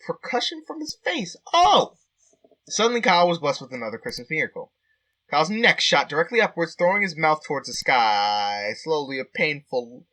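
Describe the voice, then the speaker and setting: A man plays through a text adventure game, reading the story aloud in a flat, dry way, then breaking off with startled reactions. His voice sits a little high and sounds bright, and his pitch swings widely. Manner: animated, jumps between deadpan reading and shocked outbursts. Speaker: game player and reader.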